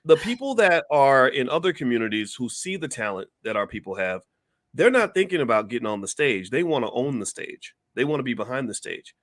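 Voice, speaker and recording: Man, guest commentator, mid pitch, dry close sound, opinionated, lecturing, casual call conversation. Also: a bit bright, no echo.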